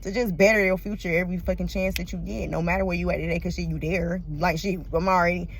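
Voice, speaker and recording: A woman's voice: on the low side, fairly even intonation, quick pace, creaky, breathy edge. A woman vlogging in a casual, emotional way, blunt and profane, often laughing through tears. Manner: emotional, swings between laughing and crying; blunt and profane, heavy slang. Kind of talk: casual personal vlog talk.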